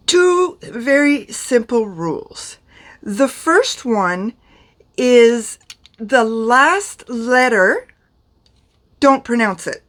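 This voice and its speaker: A middle-aged woman from France teaching pronunciation to camera in a chatty, self-deprecating way. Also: fairly high pitch. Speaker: beauty vlogger teaching pronunciation.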